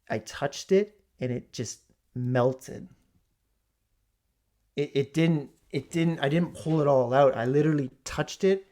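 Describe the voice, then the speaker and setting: A man telling a comic story as a rant from his home basement, swinging from loud exclamations to hushed asides. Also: mid-range voice. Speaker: comedic ranter. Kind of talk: comedic rant.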